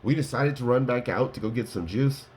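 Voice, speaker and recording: A man's voice: mid-range voice, a little fast, a little mellow, slight background noise. A man casually telling his viewers a rambling story, laughing and full of fillers. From Colorado. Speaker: vlogger.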